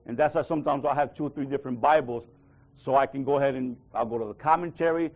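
A man's voice: medium pitch, fast talker, a little mellow, dull audio. A man giving a casual sermon, talking conversationally and acting out little dialogues with God, often checking in with "right?". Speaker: preacher.

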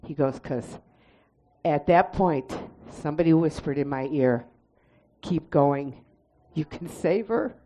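Low-voiced woman giving church testimony. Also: slow. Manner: lively storyteller who acts out quoted voices. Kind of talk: church testimony and spoken prayer.

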